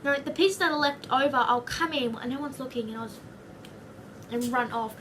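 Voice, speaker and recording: A woman's voice: sits high, normal speed, a bit bright, far from the mic, a little hiss or hum. A young woman with an Australian accent chatting in a casual vlog, rambling and goofy, full of jokes and asides. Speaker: vlogger.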